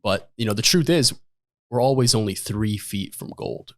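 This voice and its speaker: A man's voice: lowish voice, expressive, normal speed, no room sound, clean studio sound. A man hosting a podcast interview, keen and full of praise for his guest. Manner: enthusiastic, hyping up the guest. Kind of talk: casual interview.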